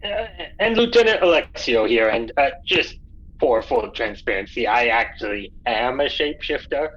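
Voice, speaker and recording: A man's voice: medium pitch, animated, normal speed, a bit bright. Brief: easygoing tabletop player, man, over a dull lo-fi mic. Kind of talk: casual tabletop play.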